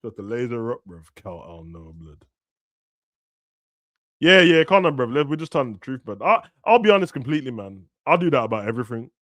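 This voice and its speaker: A man's voice: medium pitch, expressive, fast talker, hardly any pauses, dry recording, studio quality. Slangy young man, ranting. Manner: ranting, slangy, bursts of shouting. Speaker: streamer hosting a football watch-along. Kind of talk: casual chat over a live match.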